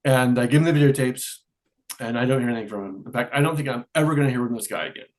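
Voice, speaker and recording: A middle-aged man with an ordinary medium-pitched voice, speaking as an interview guest. He tells his story casually, with plenty of life, and slips into the voices of the people in it. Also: rapid-fire. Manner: lively storyteller who acts out quoted dialogue.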